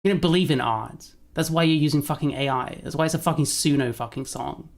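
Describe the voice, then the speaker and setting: Woman, livestream reaction commentary, gravelly creaky voice, blunt, sarcastic, profane. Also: sits low, a little fast. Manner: blunt, sarcastic and profane, often breaks into laughter. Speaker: streamer.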